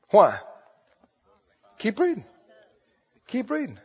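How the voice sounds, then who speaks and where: A man preaching a sermon in an animated way, drawing call-and-response from his congregation. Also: high voice, unhurried, long pauses, breathy edge. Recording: dull audio with long hall reverb.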